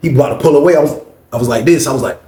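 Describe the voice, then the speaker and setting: A man telling a story in a casual, slangy way, animated and acting out the dialogue. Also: mid-range voice, racing. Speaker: storyteller recounting prison life. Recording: echoey room with faint noise.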